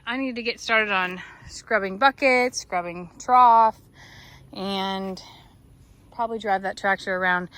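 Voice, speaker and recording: A woman's voice: mid-range voice, bright, forceful tone. A woman chatting casually to the camera outdoors on a farm while doing chores. She talks to herself and makes playful asides to her viewers. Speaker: vlogger and horse owner.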